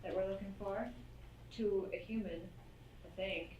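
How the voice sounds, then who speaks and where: A woman's voice: mid-range voice, steady tone, unhurried, a little mellow. A woman casually recapping a tabletop game session, hesitant and dropping plenty of "like". She is heard from a distance in a roomy space, with a faint hiss of noise behind her. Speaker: player.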